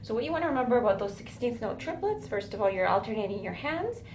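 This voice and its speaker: A woman's voice: fairly high pitch, big pitch swings, quick pace, darkish tone, a little hiss or hum. Woman drum teacher in an echoey room. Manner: counts beats aloud, says "right?" often. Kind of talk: recorded drum lesson for a student. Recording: roomy with drums playing.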